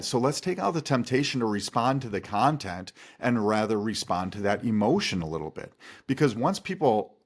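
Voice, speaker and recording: A man who is a guest expert, giving calm, instructive answers in an interview. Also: fairly low pitch. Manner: calm, instructive, steady delivery.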